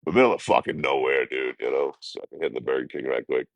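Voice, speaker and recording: A man's voice: rumbling low, fairly even intonation, fast, dry recording. A man chatting casually on a livestream, telling a rambling, profane story and laughing often. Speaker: vlogger.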